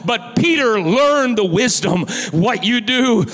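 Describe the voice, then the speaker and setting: A male pastor preaching a sermon in a church, impassioned and rising to shouted pleas. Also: very high-pitched, lively intonation, takes it slowly, long reverb tail.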